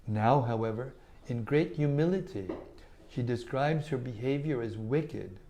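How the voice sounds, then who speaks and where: A man giving a measured, deliberate devotional scripture reading. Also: medium pitch, mellow, a little hiss or hum. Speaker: scripture reader.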